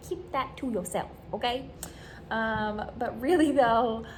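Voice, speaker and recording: A woman's voice: fairly high pitch, slow, rough recording. A woman hosting a podcast, talking earnestly and encouragingly as she gives advice to her listeners. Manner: warm, earnest and encouraging, acts out quoted remarks. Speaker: podcast host giving advice. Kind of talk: earnest advice talk to camera. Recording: audible steady background noise.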